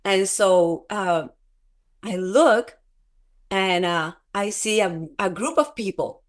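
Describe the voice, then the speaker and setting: A woman who is a guest in an interview, telling a personal testimony in a halting, earnest way, with many filler words and restarts. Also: mid-range voice, lively intonation. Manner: earnest, often breaks into laughter.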